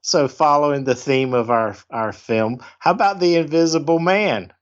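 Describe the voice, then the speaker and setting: A man's voice: a little high, normal speed, dull audio. A man as a guest on a podcast, joking and thinking aloud in casual chat.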